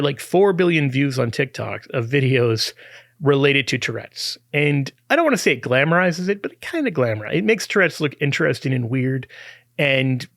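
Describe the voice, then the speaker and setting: Gravelly man explaining in a dry room. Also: medium pitch, fairly bright tone, no echo. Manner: conversational, explanatory, with restarts and chuckles. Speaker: podcast host. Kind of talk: apologetics talk.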